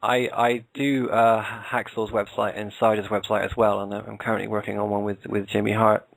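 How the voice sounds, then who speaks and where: Gravelly British man, flat delivery. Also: on the low side, normal speed, no echo, rough recording. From England. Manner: hesitant, many fillers and restarts. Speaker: guest, podcast co-host. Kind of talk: casual interview chat.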